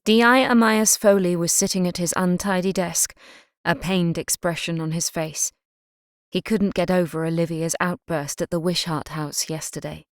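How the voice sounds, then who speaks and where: A woman narrating a crime novel audiobook in an even, measured way. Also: lowish voice, no echo, studio quality. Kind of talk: scripted narration.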